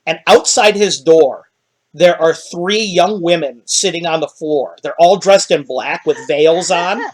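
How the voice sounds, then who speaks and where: A man's voice: fairly high pitch, measured pace. A man narrating a tabletop game as dungeon master, rambling with many fillers.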